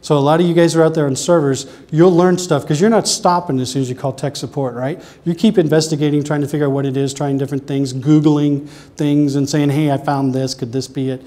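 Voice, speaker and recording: A man with a Southern US accent giving a casual, chatty talk at a conference, full of quick asides. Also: fairly high pitch, steady tone, dark tone. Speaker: presenter.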